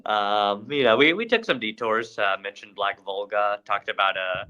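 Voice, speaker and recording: A young man co-hosting a podcast, recounting events with lively energy. His voice is bright and forceful. He tells the story casually and animated. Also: fairly low pitch, moderate pace, rough recording. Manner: animated retelling with acted-out quotes. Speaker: podcast co-host.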